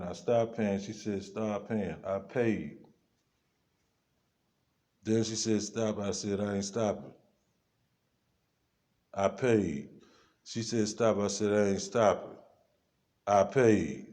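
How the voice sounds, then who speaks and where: A man's voice: lowish voice, takes it slowly, long pauses, darkish tone. A man vlogging, ranting to the camera in a loose, rambling way, full of slang and asides to himself. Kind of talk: rambling casual rant to camera.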